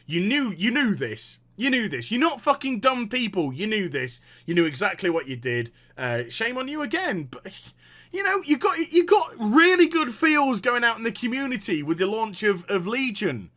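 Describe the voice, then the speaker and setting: A man's voice: high-pitched, big pitch swings, moderate pace, bright, forceful tone. A man giving a profane, exasperated reaction commentary as a gaming vlogger, sarcastic and cutting.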